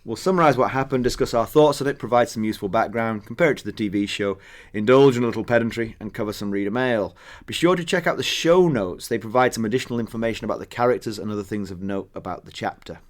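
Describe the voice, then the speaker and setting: A man's voice: lowish voice, quick pace. Chatty, self-deprecating male podcast co-host. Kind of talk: casual podcast chat.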